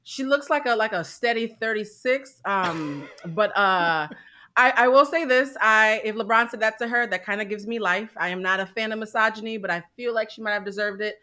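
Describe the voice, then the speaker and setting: A woman co-hosting a gossip talk show, animated and sarcastic. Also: mid-range voice, normal speed. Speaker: co-host. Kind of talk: casual gossip show chat.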